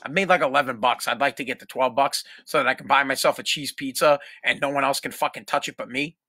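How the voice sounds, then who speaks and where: Male podcast host, profane exasperated rant, bright tone, dry close sound. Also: medium pitch, steady tone, quick pace, dry recording. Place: home.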